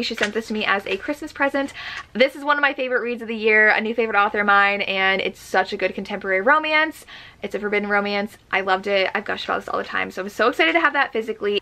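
Bright, bubbly young woman gushing. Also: mid-range voice, creaky. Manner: gushing, enthusiastic. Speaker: book vlogger. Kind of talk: casual chat.

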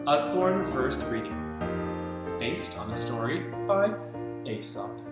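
A man, an English teacher, reading a storybook aloud to children and asking them questions along the way. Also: on the high side. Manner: slow, animated, asks listeners questions. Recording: roomy echo, loud guitar music.

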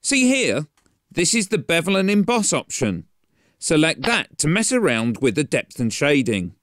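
An upbeat man narrates a film-making tutorial in an instructive, scripted way. His voice is fairly high and very animated. The sound is close and dry. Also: normal speed, no room sound.

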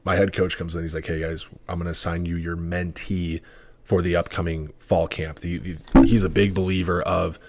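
Low husky young man telling a story. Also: flat delivery, normal speed. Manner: rambling, self-correcting, quotes others in dialogue. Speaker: podcast guest. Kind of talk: casual storytelling.

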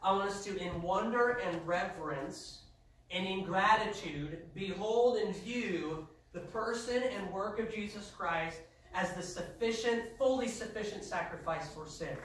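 A man's voice: sits high, unhurried, recorded from a distance. Man, pastor, emphatic sermon, heard from afar in a very echoey church. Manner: emphatic preaching, rising to shouts. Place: church sanctuary.

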